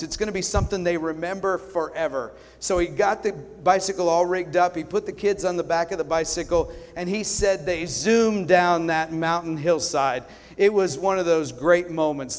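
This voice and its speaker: Pastor preaching in a reverberant church. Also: male voice, fairly high pitch. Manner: storytelling, swings from loud to hushed. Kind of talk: sermon. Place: church sanctuary. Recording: long hall reverb.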